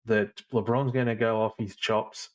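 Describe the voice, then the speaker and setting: A man's voice: fairly low pitch, fairly even intonation, moderate pace, lo-fi sound. A man co-hosting a podcast in casual chat, easygoing and explaining at length. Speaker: podcast co-host.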